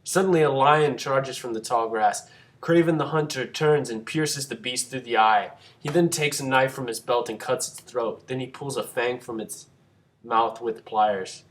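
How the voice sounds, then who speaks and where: A man's voice: mid-range voice, normal speed, a little hiss or hum. Young man reading his fan script aloud. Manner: animated, bursts into laughing shouts. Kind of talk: casual chat and script reading.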